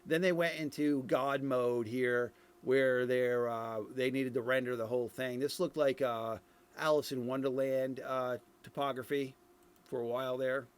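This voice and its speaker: A man's voice: mid-range voice, fairly even intonation, unhurried, clean tone. A middle-aged man from Ireland giving casual commentary on game footage, thinking aloud with many fillers and restarts. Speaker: streamer reviewing game dev footage.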